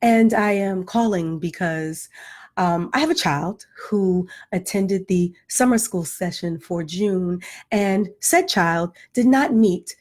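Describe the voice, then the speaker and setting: A woman putting on her own prim, overly proper voice for a formal phone call, speaking slowly and correctly. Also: mid-range voice, a little mellow, pitched below the performer's own voice.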